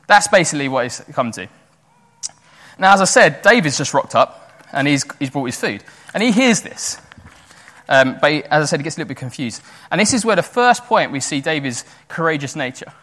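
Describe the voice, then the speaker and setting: A young man preaches a sermon with a fairly high voice and lots of energy, often stumbling and restarting his sentences. His voice rings out in a large hall with a long reverb tail. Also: fairly quick. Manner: animated, chatty, with many fillers and restarts.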